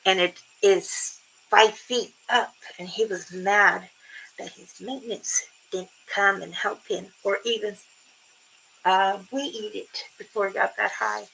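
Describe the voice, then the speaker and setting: Slow, gravelly older woman chatting. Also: medium pitch, fairly even intonation, a bit bright, a little hiss or hum, rough recording. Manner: rambling storyteller, laughs often. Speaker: livestream host. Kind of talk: casual chat with viewers.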